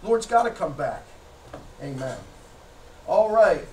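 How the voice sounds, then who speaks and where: A man preaching a sermon as pastor, emphatic, firing rhetorical questions at the congregation and shouting at times. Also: high-pitched, very animated, slow, slight background noise. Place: church sanctuary. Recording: echoey church from a distance.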